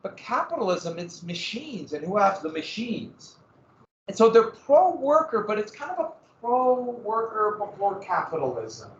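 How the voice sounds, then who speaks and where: A man lecturing a history class, his voice a bit higher than most. He talks casually, asks questions back at the class and often restarts his sentences. The recording sounds roomy and a little dull. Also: big pitch swings, unhurried. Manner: conversational, rhetorical questions, frequent self-corrections. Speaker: history teacher.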